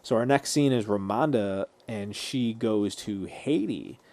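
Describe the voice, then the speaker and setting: A man co-hosting a podcast, recapping scenes in a steady, easygoing way and often chiming in with quick agreement. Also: fairly low pitch. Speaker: podcast co-host. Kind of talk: casual chat, recapping scenes.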